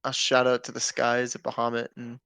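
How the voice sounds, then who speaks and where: Smooth-voiced male tabletop player. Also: mid-range voice, monotone, brisk, a bit bright, no room sound. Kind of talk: playing a tabletop game.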